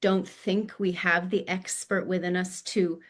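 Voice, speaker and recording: A woman's voice: lowish voice, level tone, unhurried. A woman hosting a podcast, speaking reflectively and spiritually while searching for her words. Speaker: podcast host. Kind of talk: reflective conversation.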